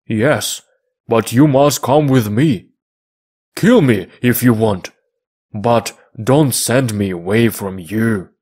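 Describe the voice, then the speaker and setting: A man's voice: mid-range voice, slow pace, darkish tone, breathy edge. A man voicing an eager, loyal young island man from a storybook, speaking in earnest, emphatic exclamations. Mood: pleading. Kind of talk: slow read-aloud of a storybook.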